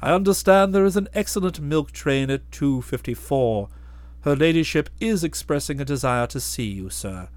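A man voicing a deferential, unflappable valet who speaks in a measured, formal way. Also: a little high, lively intonation, no room sound, natural voice. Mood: composed. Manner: measured and formal, trailing off softly on each "sir".

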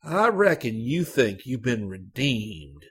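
A sullen young Tennessee man, put on by a male narrator talks in a high, nasal, pushy voice with a husky edge. He is sour and brooding, pressing his point in a storybook reading. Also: big pitch swings, slow, a bit bright, exaggerated voice. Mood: sullen, insistent.

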